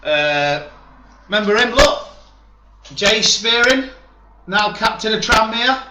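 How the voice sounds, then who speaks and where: A man's voice: high-pitched, expressive, takes it slowly, background noise. A man hosting a football channel, chatting casually with rambling asides and reading from the newspaper. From Liverpool, England. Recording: roomy echo, faint background ambience.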